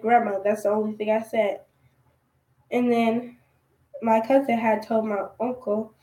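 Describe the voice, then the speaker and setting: A young woman in her teens recounting a personal story in a conversational, aggrieved way for a storytime vlog. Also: on the high side. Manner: aggrieved, conversational retelling with quoted dialogue. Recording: echoey room.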